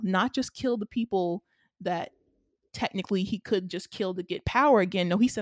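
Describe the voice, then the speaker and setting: A woman co-hosting a casual chat, recapping a film in an animated, rambling way with lots of fillers. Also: medium pitch, normal speed, no room sound, clean studio sound. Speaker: podcast co-host.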